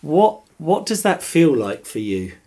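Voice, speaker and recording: A man hosting a podcast, introducing a bedside chat and gently asking questions from the foot of the bed. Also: fairly high pitch, sing-song, a little slow. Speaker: podcast host. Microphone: microphone at the foot of the bed.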